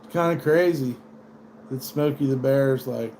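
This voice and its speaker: An American man hosts a livestream, ranting casually, swearing often, and drifting among sardonic tangents. His medium-pitched voice has a darkish tone and measured pace, with a little hiss or hum in the audio.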